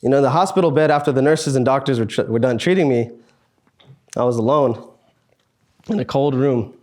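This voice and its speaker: A man in his twenties, speaking at a student meetup, telling a personal story in an earnest, halting way with sighs and pauses. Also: medium pitch, darkish tone. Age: 20s.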